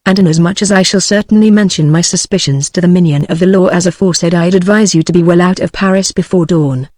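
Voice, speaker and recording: A British-accented text-to-speech female voice reading the lines of a suave, mocking male adventurer in an audiobook, with a synthetic, even delivery. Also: fairly low pitch, quick pace, close to an everyday voice.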